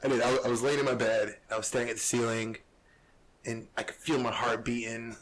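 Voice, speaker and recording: A man's voice: medium pitch, flat delivery, fairly quick. A man co-hosting a podcast, talking in a laid-back casual way and swearing freely. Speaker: podcast co-host. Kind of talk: casual chat.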